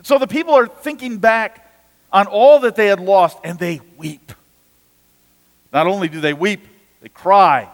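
A man's voice: sits high, unhurried, in a large hall. A man preaching an earnest sermon as a pastor, often repeating and restarting his words.

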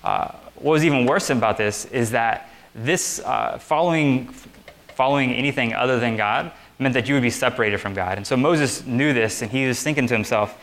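A young man preaching a casual sermon to a group seated on chairs. He talks in a relaxed, conversational way with lots of fillers. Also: medium pitch, normal speed. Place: meeting room with chairs.

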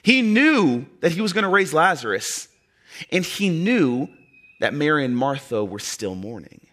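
A man preaching a sermon in an earnest way, with dramatic pauses and soft drops in his voice. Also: fairly high pitch, very animated.

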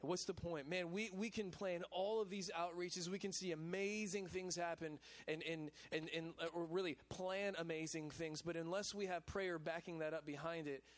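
A male pastor of a college ministry, preaching a lively sermon in a casual, chatty way at a church service. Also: on the high side, moderate pace, few pauses. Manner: casual and chatty, with repeated "man" and "you know what I'm saying".

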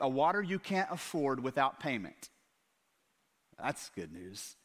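A male pastor preaching a sermon in a church, lively, with rhetorical questions and asides to the congregation. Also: a little high. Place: church hall.

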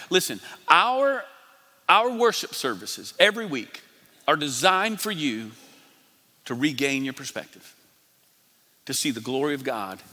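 A man preaching a sermon as pastor, emphatic, rising loud and dropping to a hush. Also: high voice. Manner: emphatic, swings between loud and hushed. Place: large church hall. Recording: long hall reverb.

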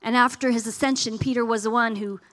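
A woman's voice: a little high, steady tone, quick pace, a bit bright. A woman giving an earnest teaching sermon about everyday mission. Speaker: speaker.

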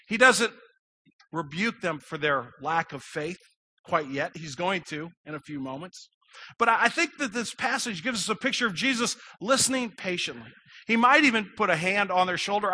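A man's voice: high-pitched, sharp tone. A middle-aged man preaching a sermon in a conversational, folksy way, telling personal stories with self-deprecating humor. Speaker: pastor.

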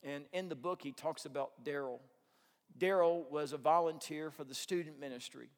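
A man preaching a sermon, telling a story with earnest, animated delivery. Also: on the high side, normal speed. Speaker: pastor. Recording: long hall reverb.

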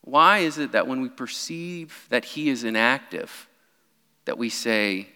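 A young man preaching a sermon in a church, animated, with his voice rising whenever he quotes someone crying out. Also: medium pitch, a little slow, clear, resonant tone. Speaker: pastor. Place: church sanctuary. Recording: long hall reverb.

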